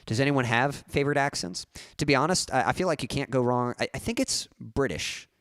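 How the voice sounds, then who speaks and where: A man's voice: medium pitch, brisk, a bit bright, dry recording, studio quality. A young man chatting casually on his music live stream, rambling and correcting himself with small chuckles.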